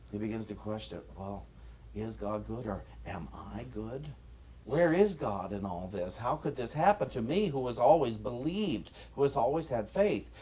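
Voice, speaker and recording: An American man delivering a sermon as minister, emphatic, with swings in pitch and loudness and frequent restarts. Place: church sanctuary.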